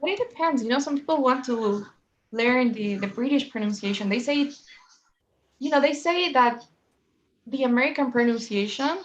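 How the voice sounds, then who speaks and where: Woman, English teacher, chatty explaining, slightly high voice, lo-fi recording. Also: animated, moderate pace, a little hiss or hum. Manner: chatty, explains with many "right?" and "you know?". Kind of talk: one-on-one English lesson.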